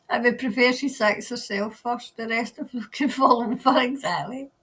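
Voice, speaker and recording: Chatty woman, high voice. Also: unhurried, a bit bright, husky. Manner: chatty and rambling, laughs often, trails off mid-sentence. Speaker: tarot reader hosting a live stream. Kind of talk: casual live-stream chat reading viewer comments.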